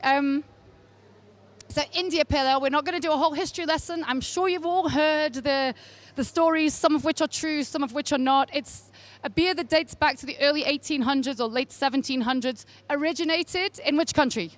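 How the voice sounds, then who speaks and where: A woman's voice: high voice, a little fast. A woman from England teaching a beer tasting class into a handheld microphone, chatty and wry with asides to her group. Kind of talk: informal tasting class talk. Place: tasting session with a live group.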